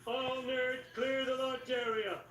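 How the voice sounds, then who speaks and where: A man's voice: very high-pitched, level tone, slow pace, fairly bright tone, exaggerated voice, rough recording. A man voicing a cartoon figure who makes a theatrical speech at a rocket launch, with music behind. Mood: announcing. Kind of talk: cartoon voice acting.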